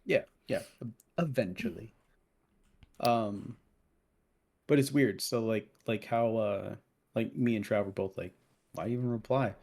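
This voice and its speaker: A man's voice: on the low side, a little slow, creaky, pauses often. A man in his thirties co-hosting a podcast, telling a story in casual chat with lots of swearing and heated asides. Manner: profane, animated storytelling. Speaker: podcast co-host.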